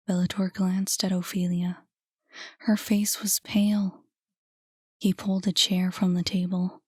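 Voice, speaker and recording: A woman narrating an audiobook in a soft, hushed voice. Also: fairly low pitch, level tone, takes it slowly, husky, no echo, clean studio sound. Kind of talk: scripted narration.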